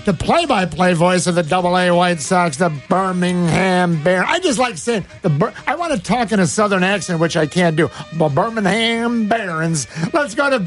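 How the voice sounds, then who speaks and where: High-voiced boisterous male radio host. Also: sing-song, a little fast, few pauses, soft background music. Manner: boisterous, rambling, jokey. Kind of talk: casual radio chat.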